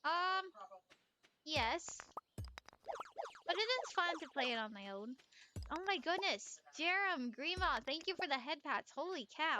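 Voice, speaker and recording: Bubbly high-voiced woman streamer. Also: unhurried, long pauses, slight background noise. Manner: excitable and giggly, talks to chat. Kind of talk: casual live-stream gaming chat.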